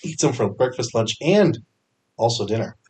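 A young man hosting a fantasy sports podcast, talking casually with energetic bursts and frequent fillers. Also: mid-range voice, moderate pace, slightly rough. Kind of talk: casual solo podcast picks.

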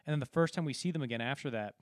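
A man's voice: medium pitch, racing, no echo, studio quality. A man casually talking through a film, rambling and acting out quoted lines as he retells scenes. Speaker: podcast co-host.

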